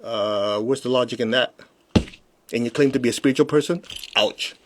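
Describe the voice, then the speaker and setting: A man's voice: mid-range voice, moderate pace, noisy background. A man giving a live-streamed spiritual teaching in a blunt, emphatic way, with pointed rhetorical questions. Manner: mocks excuses with put-on quoted voices.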